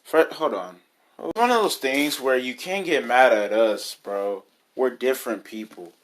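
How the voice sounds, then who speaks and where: A man's voice: mid-range voice, expressive, a little slow. A young man talking straight to his camera in a casual opinion vlog, using loose slang and rambling until he gets heated and emphatic. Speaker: vlogger.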